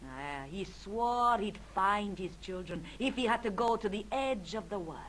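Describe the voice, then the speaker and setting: An actress playing an aristocratic older countess, speaking formally in a studio-recorded adventure game. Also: female voice, medium pitch, lively intonation, measured pace, a little hiss or hum, natural voice, poor audio. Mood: somber. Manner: formal, stately. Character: aristocratic older Spanish countess, proud but weary. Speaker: game character.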